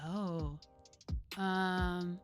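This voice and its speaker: A woman streamer chatting casually over a game, excitable and laughing often as she reacts. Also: lowish voice, very slow, over music. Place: home streaming setup.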